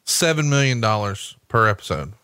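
A man's voice: on the low side, lively intonation, moderate pace, sharp tone, smooth, no room sound. A man hosting a podcast, adding wrestling commentary and dry, joking asides. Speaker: podcast host.

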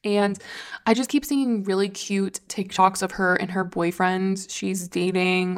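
A woman's voice: mid-range voice, fairly even intonation, a little slow. A woman hosting a casual solo podcast, talking in a gushing, rambling way with lots of "like" and casual swearing. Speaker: podcast host.

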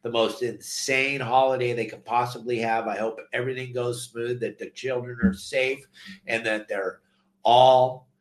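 Older male fishing-show host, heartfelt and sincere, medium pitch, in a roomy echoing space. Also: level tone, measured pace. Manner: earnest, heartfelt. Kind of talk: casual chat.

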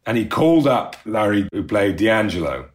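Lively low-voiced man telling anecdotes. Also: normal speed. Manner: rambling, self-deprecating storyteller, laughs often. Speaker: actor recalling a show. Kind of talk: casual interview anecdotes.

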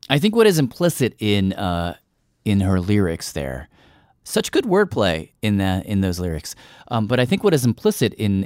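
A low-voiced man introduces a radio documentary segment. He is thoughtful and loose, with ums and restarts, in a dry, close recording. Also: a little mellow, no echo. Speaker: podcast host.

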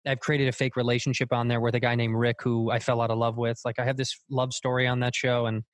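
Brief: male comedian guest, rapid rambling talk, candid, dry close mic. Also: medium pitch, level tone, no echo. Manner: fast, rambling, frank. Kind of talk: casual podcast chat.

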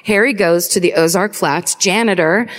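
A woman's voice: fairly low pitch, moderate pace. Chatty woman telling a crime story on stage. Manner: chatty, laughs at her own jokes, reads quotes aloud. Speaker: podcast co-host telling a true crime story. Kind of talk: live comedic true crime storytelling. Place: live on stage in a large auditorium.

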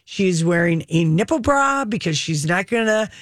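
A woman's voice: on the low side, expressive, normal speed, no echo. Casting note: woman radio co-host, gossipy rambling storyteller, dry studio sound. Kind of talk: casual radio chat.

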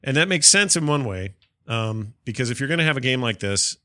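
A man's voice: mid-range voice, lively intonation, brisk, sharp tone, no room sound. A man chatting on a gaming podcast, rambling eagerly and restarting his sentences with plenty of fillers. He sounds a bit stuffy from allergies, and his voice sits mid-range. The studio mic is close and dry. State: sneezy, coughing from allergies. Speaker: podcast co-host. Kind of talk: casual gaming podcast chat. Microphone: studio mic with cough switch.

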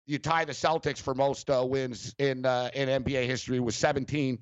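A man's voice: medium pitch, flat delivery, a little fast, smooth, dry recording, lo-fi sound. A man hosting a sports talk radio show, ranting sarcastically with lots of fillers.

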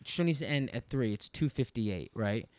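A man co-hosting a podcast, telling an animated, rambling story full of fillers and swearing. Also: mid-range voice, normal speed. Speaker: podcast co-host.

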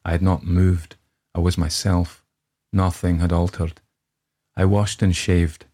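A brooding Scottish man tells his ghost tale in a low, husky voice, as a man puts the accent on. He reads in a measured, grave storybook manner. The breathy edge to his tone adds weight to every sentence. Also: little pitch movement, dark tone. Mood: sombre. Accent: put-on Scottish. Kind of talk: dramatic reading of a ghost story.

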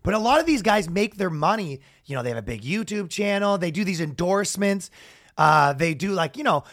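Animated comedian man, high lively voice. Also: brisk. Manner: animated, loud impressions of announcers. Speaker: podcast co-host. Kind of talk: casual comedic storytelling.

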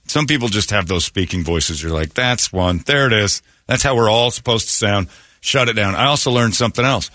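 A man's voice: fairly low pitch, a little fast, bright, forceful tone, dry recording, clean studio sound. A man hosting a morning radio show, joking and rambling with his co-hosts and laughing often. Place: radio studio.

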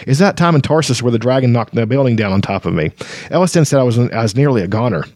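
A man's voice: medium pitch, expressive, fast, darkish tone, no echo, natural voice. A man voicing a chirpy, oblivious kender. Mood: solemn, rambling. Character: cheerful, scatterbrained young male kender. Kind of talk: dramatic book reading.

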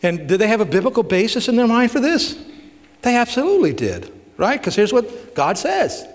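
A man's voice: sits high, sing-song, moderate pace. A male pastor giving a conversational sermon, asking the congregation rhetorical questions and retelling stories with emphasis. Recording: long hall reverb.

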